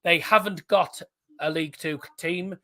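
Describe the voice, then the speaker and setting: A man hosts a live stream, reading out cup ties one after another and answering the chat between them. His voice sits a little high and sounds bright and forceful, with a casual, conversational delivery. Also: fairly even intonation, unhurried. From England. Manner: chatty, reads out fixtures and answers live chat. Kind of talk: live draw commentary.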